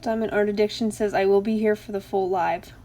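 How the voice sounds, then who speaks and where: A woman's voice: medium pitch, fairly even intonation, a little fast, warm tone. A middle-aged woman hosting a casual craft live stream, greeting viewers by name and laughing often between remarks.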